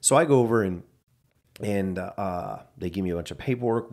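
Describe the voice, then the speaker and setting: A man's voice: fairly low pitch, creaky, a little mellow. A man telling a personal story in casual chat, acting out the dialogue he quotes.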